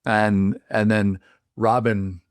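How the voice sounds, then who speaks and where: A man's voice: lowish voice, little pitch movement, slow pace, no echo. A man hosting a casual interview podcast, telling a story in a loose, rambling way. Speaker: podcast host.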